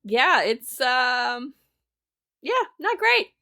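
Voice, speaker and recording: A woman's voice: high voice, sing-song, extremely slow, gravelly, sharp tone. Chatty woman explaining things. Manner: chatty, explains at length with many fillers. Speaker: podcast co-host. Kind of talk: casual chat.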